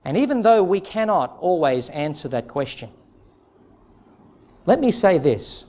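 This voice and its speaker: A male pastor preaching an expository sermon in an earnest, emphatic way, with dramatic pauses. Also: on the high side, very animated, darkish tone.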